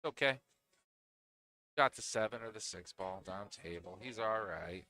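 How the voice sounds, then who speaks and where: A man's voice: fairly low pitch, unhurried, pushed and bright. A man with a Northeastern Pennsylvania accent giving chatty live commentary on a pool match, often laughing and restarting his phrases.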